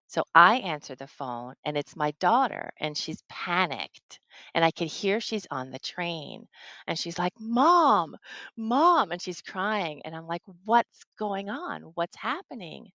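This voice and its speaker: A woman's voice: low voice, animated, unhurried, bright, forceful tone, dry recording, poor audio. A middle-aged woman from New Jersey, a tarot reader, telling a personal ghost story in casual conversation.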